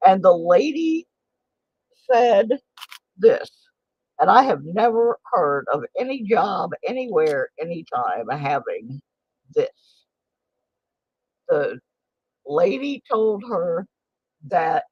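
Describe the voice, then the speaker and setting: A woman's voice: lowish voice, sing-song, takes it slowly, pauses often, darkish tone, breathy edge, dry recording. A woman in her late sixties chatting on a casual livestream, telling a story in an indignant, exclaiming way. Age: 60s. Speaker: livestream host. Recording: dull lo-fi stream audio.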